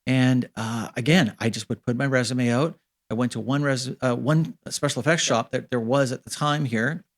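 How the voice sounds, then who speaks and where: A man in his fifties from Canada, a guest in an interview, telling stories from his career casually and acting out the dialogue with lively jumps in pitch. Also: moderate pace. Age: 50s. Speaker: interview guest, special effects supervisor.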